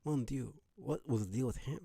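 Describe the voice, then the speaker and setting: A man's voice: mid-range voice, moderate pace, creaky, dark tone, slightly rough, soft background music. A man doing a sassy French-flavored young woman. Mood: brisk. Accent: weak put-on French.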